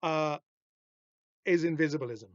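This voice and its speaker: A man hosting a podcast, talking through a comic book in a rambling, halting way with lots of fillers and restarts. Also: a little high, no room sound. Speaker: podcast host. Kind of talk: casual comic book discussion. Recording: dull, dry lo-fi podcast recording.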